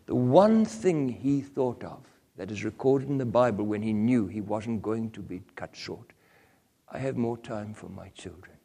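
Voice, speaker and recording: A man preaching a sermon with passion, moving between loud cries and hushed whispers. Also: on the low side, lively intonation, unhurried, gravelly, long reverb tail.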